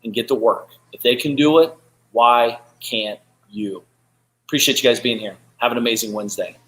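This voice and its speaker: Male host, mid pitch, earnest pep talk with repeated phrases, recorded in a roomy space. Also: normal speed, a bit bright. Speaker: live show host. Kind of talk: motivational live talk. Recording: roomy echo.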